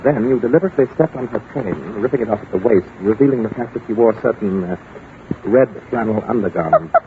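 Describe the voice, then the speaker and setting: A man's voice: lowish voice, quick pace, noisy background, natural voice. A man playing a flustered, fussy English aristocrat in a 1940s radio drama, blustering and chuckling. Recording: tinny old 1940s radio broadcast.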